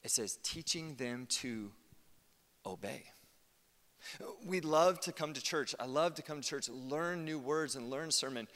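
An American man in his thirties, a pastor giving a conversational sermon with lively asides. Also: a little high, moderate pace, few pauses. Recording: long hall reverb.

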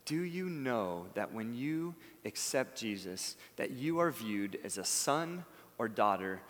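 A male pastor delivers a sermon in an earnest, pleading way. His voice sits in a middle pitch, climbing to emphatic bursts and then falling to near-whispered phrases. The sound carries a long reverb, as from a church sanctuary. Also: very animated, takes it slowly. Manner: earnest, building to emphatic peaks then dropping soft.

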